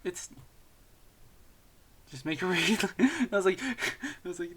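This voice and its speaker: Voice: mid-range voice, very animated, slow pace, long pauses. A young adult streamer talks casually during a stream, laughing often between rambling thoughts. The speech is loose and profane, with frequent swearing and self-deprecating asides.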